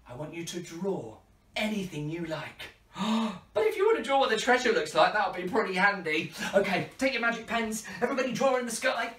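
A man runs a children's party show, swooping his voice all over with playful gasps and laughs. He talks slowly and clearly for the young viewers. He sounds far from the microphone in an echoey room at home. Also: high-pitched, a bit bright, slight background noise.

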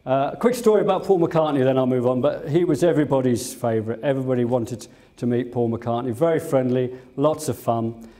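A man's voice: mid-range voice, brisk, dark tone. An older English man, a former airline captain, giving a museum talk full of fond anecdotes and fillers. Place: museum lecture room.

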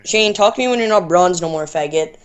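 A man's voice: high-pitched, a little fast. Teenage boy, muffled mic, stuttering comebacks, gaming voice chat. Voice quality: muffled, hard to make out.

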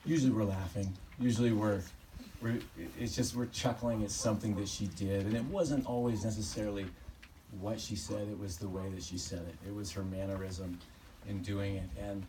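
Man, eulogy at a memorial service, fond and halting, recorded from a distance with steady background noise. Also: fairly low pitch. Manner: halting, fond storytelling, often chuckling. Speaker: family member giving a eulogy. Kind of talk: personal eulogy with stories.

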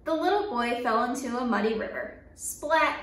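A woman's voice: a little high, animated, brisk, recorded from a distance. A woman reading a picture book aloud for children's story time, with playful sound effects and call-and-response lines. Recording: echoey room, voice a bit off-mic.

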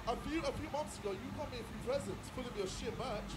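Taunting man over loud crowd noise. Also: extremely high pitch, quick pace. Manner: taunting, aggressive, shouting insults. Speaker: boxer at a press conference. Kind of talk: trash-talk speech. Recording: noisy press conference audio.

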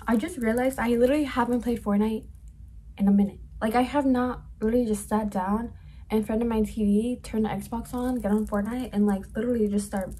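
A woman's voice: on the high side, darkish tone, a little hiss or hum. A young woman chatting casually and profanely while doing her makeup for a vlog, rambling from topic to topic. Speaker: vlogger. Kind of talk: casual get-ready-with-me chat.

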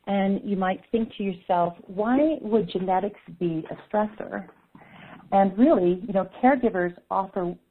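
Gravelly woman teaching over a phone line. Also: lowish voice. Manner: earnest, repeats key words for emphasis. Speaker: speaker at an online caregiver summit. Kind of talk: teaching presentation. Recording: phone-line telesummit audio.

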